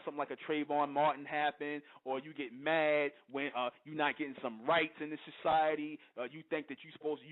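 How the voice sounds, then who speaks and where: A man with a high-pitched voice hosts a radio show and rants in a fiery, confrontational way, often pressing listeners to agree. The audio is thin and phone-like. His delivery is preachy and forceful. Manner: preachy and confrontational, keeps asking "you understand?". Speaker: internet radio host. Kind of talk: fiery monologue. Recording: tinny phone-line audio.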